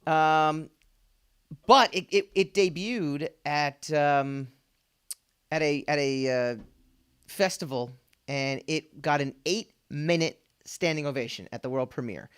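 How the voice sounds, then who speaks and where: Male podcast host, casual chat, slightly higher voice, clean and resonant, rambling delivery. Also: slow pace, fairly bright tone, smooth. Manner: rambling, laughs often, many fillers and restarts. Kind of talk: casual pop culture chat.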